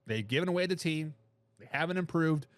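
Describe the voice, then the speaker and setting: Lively, high-pitched sports talk host. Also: male voice, fairly quick, no room sound. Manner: animated, opinionated, reads chat comments aloud. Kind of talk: live sports talk show.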